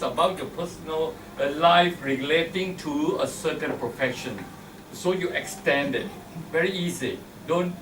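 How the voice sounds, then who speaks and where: A man's voice: a little high, fairly bright tone. Thai-accented man giving a club speech. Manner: instructive, jokey, plays out pronunciation examples. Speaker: Toastmasters meeting evaluator. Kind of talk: club speech with humorous anecdotes. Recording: echoey room from far off, faint noise.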